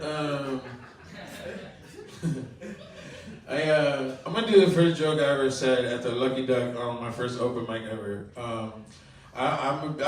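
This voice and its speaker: A middle-aged man from Colombia doing open mic stand-up and chatting with the crowd, with a halting, rambling delivery full of ums and little laughs. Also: medium pitch, slight background noise. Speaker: stand-up comedian. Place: comedy club room. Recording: echoey room, mic far off.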